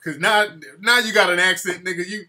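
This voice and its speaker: A man's voice: high voice, steady tone, a little fast, sharp tone. A man hosting a live call-in show, mocking callers in loose street slang. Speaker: host.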